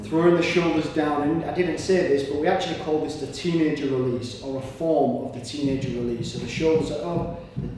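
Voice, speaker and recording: Male movement coach, encouraging and steady, recorded far off in a reverberant room with faint background noise. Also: on the high side, fairly quick. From Britain. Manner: encouraging, breathing audibly between cues. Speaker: somatic exercise instructor. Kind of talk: guided exercise instruction.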